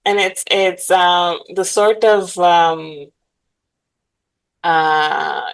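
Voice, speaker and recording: A woman's voice: on the low side, extremely slow, clean tone, low-quality recording. A woman from Bulgaria, a guest in a casual interview, talking animatedly with many fillers and frequent laughs.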